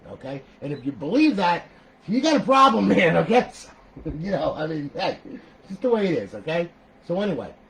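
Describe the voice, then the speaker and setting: A man's voice: a little high, slight background noise, low-quality recording. Chatty man explaining console mods. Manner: chatty, repeats "okay?", animated outbursts. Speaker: console modder giving a tutorial. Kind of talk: casual screen-recorded tutorial.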